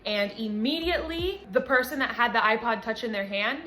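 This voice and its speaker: A young woman vlogger retelling a story in an animated, dramatic way. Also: a little high, a little fast, a little hiss or hum. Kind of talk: storytime vlog. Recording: echoey room, music.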